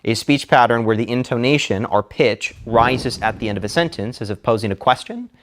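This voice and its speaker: A male public speaking instructor delivers a scripted lecture. His delivery is measured and deliberate, and he slows down for emphasis. His voice sits at an ordinary middle pitch. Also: a bit bright, slight background noise.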